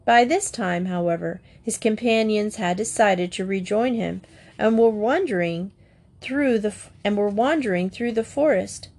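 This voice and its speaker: Woman reading a fairy tale aloud. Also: mid-range voice. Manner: calm, measured, expressive storybook narration. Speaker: storyteller. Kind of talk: storybook reading of fairy tales.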